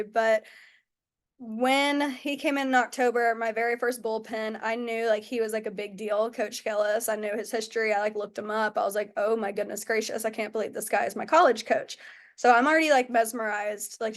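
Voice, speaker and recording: Young woman coach, kinda high voice, chatty and talky, keeps saying like. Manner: chatty, lots of "like" and "oh my goodness". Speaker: softball pitching coach. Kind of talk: casual coaching talk with storytelling.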